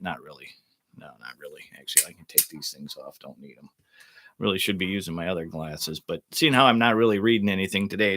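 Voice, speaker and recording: A man's voice: fairly low pitch, pushed and bright, no room sound. A middle-aged man, a little under the weather, talking casually and rambling to his golf vlog audience in an offhand, self-deprecating way. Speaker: golf vlogger. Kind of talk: casual rambling monologue to camera.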